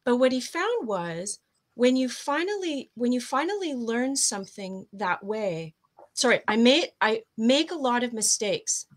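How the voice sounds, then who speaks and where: A woman's voice: fairly high pitch, expressive, unhurried. A woman guest coach explaining ideas in a casual interview, tripping over her words and laughing at herself.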